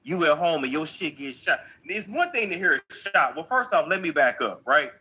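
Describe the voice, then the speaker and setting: A man co-hosting a casual livestream who reads celebrity news aloud and riffs on it in a playful, animated way. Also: on the high side, moderate pace, husky, rough recording.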